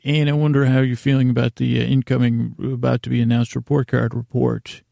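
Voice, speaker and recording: A man voicing a fussy male TV news reporter in slow, droning patter, close to his own gravelly voice. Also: medium pitch, flat delivery, mellow, no room sound.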